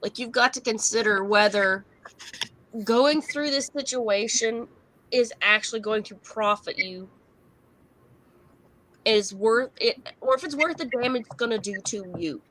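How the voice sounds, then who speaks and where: A woman's voice: fairly high pitch, measured pace, fairly bright tone, low-quality recording. Frank, chatty woman psychic. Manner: frank, chatty, explains with asides and swearing. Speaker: professional psychic guest. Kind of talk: casual tarot-reading chat.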